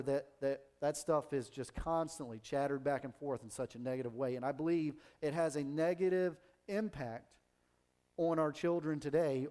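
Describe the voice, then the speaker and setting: Earnest, slightly high-voiced male preacher. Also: a little mellow. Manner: earnest, conversational preaching with many restarts and hesitations. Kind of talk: sermon.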